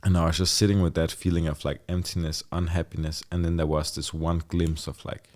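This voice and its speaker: A middle-aged man with a very low, deep voice talks as a podcast guest. He tells his story casually and candidly, dropping "like" constantly and swearing freely. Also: flat delivery, brisk, darkish tone. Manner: loose and candid, with lots of "like" and frequent swearing.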